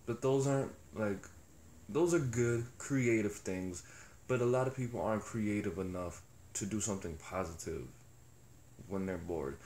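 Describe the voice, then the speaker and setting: A man's voice: fairly low pitch, moderate pace, warm tone, a little hiss or hum. Profane rambling man, echoey room. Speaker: vlogger. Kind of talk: casual monologue. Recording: echoey room with faint ambience.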